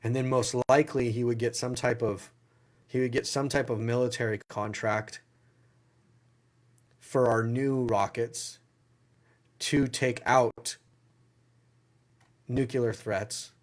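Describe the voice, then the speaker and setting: A man's voice: mid-range voice, steady tone, slow, pauses often. Southern US man, livestream Q&A host, casual and rambling, circles back on his own phrases. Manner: rambling, repeats phrases and restarts.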